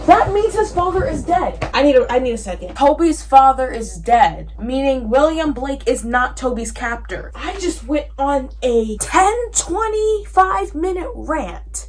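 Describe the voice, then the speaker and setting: A woman reacting to a book in a casual reading vlog, animated and exasperated, swinging between loud outbursts and tired mumbling. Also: high-pitched, a little slow, hardly any pauses. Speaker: book vlogger.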